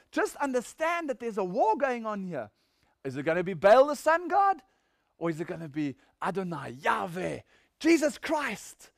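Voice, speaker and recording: A man's voice: high voice, no echo, studio quality. A man preaching a sermon, reading scripture and asking rhetorical questions with mocking asides.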